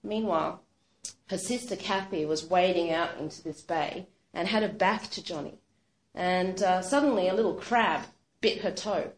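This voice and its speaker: A woman's voice: lowish voice, normal speed, slight background noise. Woman telling a story, chatty, lots of sort of and like, echoey room. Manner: animated retelling, frequent fillers like "sort of". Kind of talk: spoken storytelling. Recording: roomy echo.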